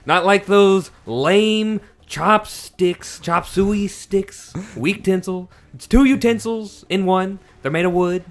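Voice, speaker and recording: A brash, blustering politician brags in short punchy declarations, his voice pushed well above its normal pitch and louder than usual. A man puts him on as a comic livestream impression. The delivery is slow and emphatic. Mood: boastful. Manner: boastful, repetitive, punchy declarations. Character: brash boastful male politician, bragging and blustering.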